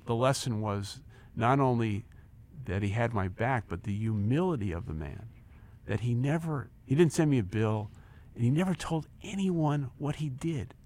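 Speaking at a moderate pace with hardly any pauses, a mid-range male voice tells a lively personal story during an interview. He is in his sixties and a former company chief, and he acts out the dialogue, repeating words whenever he gets excited.

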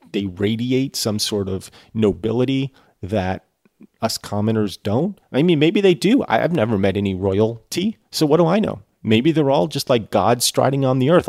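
A man's voice: on the low side, darkish tone, no room sound, clean studio sound. A man reading a novel aloud and breaking off for sarcastic, irreverent commentary. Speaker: reader and commentator.

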